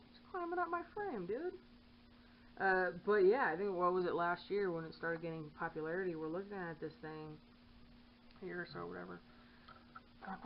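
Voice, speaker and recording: A woman's voice: lowish voice, expressive, fairly quick, long pauses. A woman chatting casually while she stitches at home, rambling and breaking off now and then to scold her kitten. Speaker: cross-stitch vlogger. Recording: dull lo-fi sound with faint hiss.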